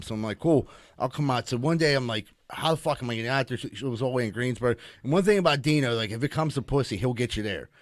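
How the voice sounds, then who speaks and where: A man's voice: medium pitch, dry recording. A man co-hosting a podcast, telling a rambling story full of swearing and acted-out quotes. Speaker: podcast co-host. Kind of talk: casual storytelling.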